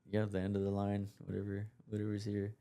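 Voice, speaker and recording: A man's voice: lowish voice, completely flat delivery, brisk, dark tone. A man guesting on a podcast, talking in laid-back, slangy casual chat. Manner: laid-back, slangy, says bro a lot.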